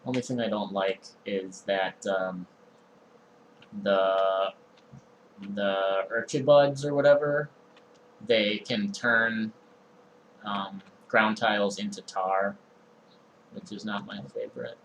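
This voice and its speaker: A young man streaming a game, talking through his inventory in a relaxed, meandering way with frequent ums and uhs. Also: on the low side, slow, pauses often, slight background noise, rough recording. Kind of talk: casual let's-play commentary.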